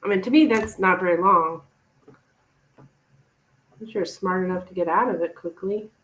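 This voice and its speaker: A woman's voice: on the low side, normal speed, fairly bright tone, rough recording. Chatty woman tarot reader. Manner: chatty and reassuring, addresses viewer as hon. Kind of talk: live-stream reading, casual advice.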